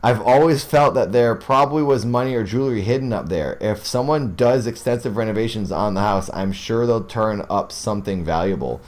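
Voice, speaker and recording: A man narrating ghost stories aloud who keeps stopping to react excitedly and ramble to his listeners before going back to the text. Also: on the low side, brisk, few pauses. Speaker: horror story narrator.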